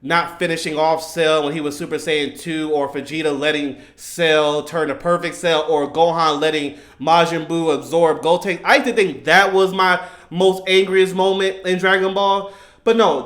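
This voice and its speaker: Young male vlogger, high voice, excitable casual storyteller who acts out quotes. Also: moderate pace. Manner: excitable, rambling, quotes characters in raised voice. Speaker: YouTuber reacting to anime.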